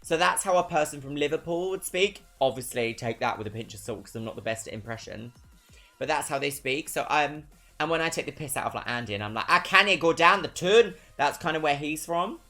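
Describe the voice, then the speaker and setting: A streamer from Brighton with a southern English accent, chatting casually and reading out viewer messages, swinging between perky greetings and dry asides. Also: medium pitch, a little fast, faint music behind. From Brighton, England. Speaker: livestreamer.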